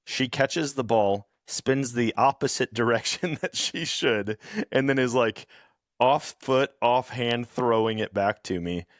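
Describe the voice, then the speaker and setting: A man's voice: medium pitch, measured pace, no echo, studio quality. A middle-aged man co-hosting a podcast, telling parenting stories in casual chat, often laughing and acting out what others said. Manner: storytelling, laughs often, acts out quotes. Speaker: podcast co-host.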